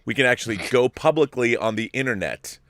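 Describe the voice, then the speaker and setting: A man's voice: medium pitch, lively intonation, brisk, fairly bright tone, dry recording, clean studio sound. A male host chatting casually and reading out viewer messages with wry humor. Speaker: show host. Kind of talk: casual chat.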